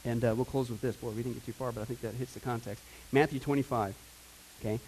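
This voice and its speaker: A middle-aged pastor preaching a casual, energetic sermon, moving from quiet asides to loud emphasis. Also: male voice, mid-range voice, fast, slight background noise, low-quality recording. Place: church sanctuary.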